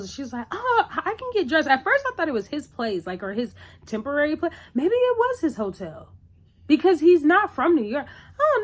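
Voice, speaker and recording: A woman casually recapping a TV episode in a chatty, animated way, acting out what the characters say. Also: a little high. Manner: chatty, animated retelling with acted-out quotes. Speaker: TV recap vlogger.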